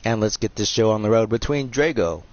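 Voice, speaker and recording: A man's voice: on the low side, animated, a little fast, lo-fi sound. Rambling jokey male game commentator. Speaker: host and commentator. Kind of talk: live-stream wrestling game commentary.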